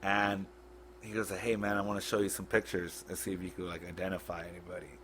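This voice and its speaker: Low-voiced man telling a grim story. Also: completely flat delivery, fairly bright tone, slight background noise. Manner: blunt, profane, halting retelling. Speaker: podcast guest. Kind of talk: casual storytelling.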